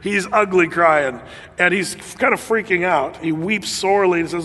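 High-voiced preacher in a reverberant hall. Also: male voice, normal speed. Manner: conversational, animated, with laughs and fillers. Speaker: pastor. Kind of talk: sermon.

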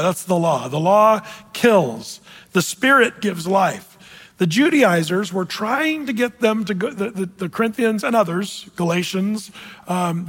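A man's voice: high voice, husky, long reverb tail. A man preaching a sermon in a conversational way, with fillers and restarts, who reads scripture aloud. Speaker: pastor.

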